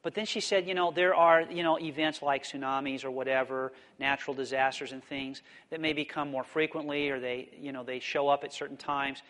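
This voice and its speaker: A man giving a theology lecture and answering questions, explaining in a thoughtful, measured way. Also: medium pitch, steady tone, a bit bright, long reverb tail.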